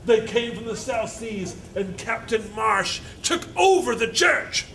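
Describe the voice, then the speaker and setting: A man, a university instructor, reading a picture book aloud to a live audience, halting with fillers and joking asides. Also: very high-pitched, expressive, pushed and bright, slight background noise.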